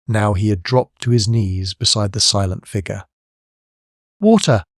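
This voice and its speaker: A man with a low voice narrates a classic novel for an audiobook in a measured, steady manner. The sound is dry and close, with no room around it. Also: dry recording. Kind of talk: scripted narration.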